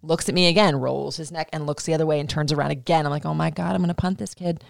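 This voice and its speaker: A middle-aged woman hosting a casual chat, telling a story with swearing and lively acted-out quotes. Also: sits low, quick pace, gravelly, no echo, studio quality. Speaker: podcast host.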